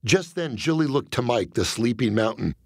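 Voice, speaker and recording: Gravelly deadpan male comedian narrating. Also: mid-range voice, moderate pace, dry recording, studio quality. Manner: deadpan, self-deprecating storytelling. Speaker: comedian narrating his own memoir. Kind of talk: comic audiobook narration.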